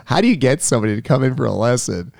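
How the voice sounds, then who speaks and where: A coach in a casual discussion, a man who interjects quickly and thinks out loud. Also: medium pitch, lively intonation, vocal fry, no echo.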